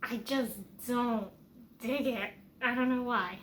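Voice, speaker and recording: A woman's voice: on the high side, slow pace, fairly bright tone, slight background noise. A woman giving casual, rambling film commentary as a vlogger, chatty and opinionated, with many fillers and restarts.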